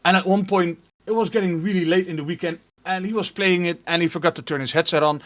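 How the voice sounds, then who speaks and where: A man's voice: sits high, quick pace. Man game-mastering a tabletop stream. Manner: relaxed storytelling with many fillers.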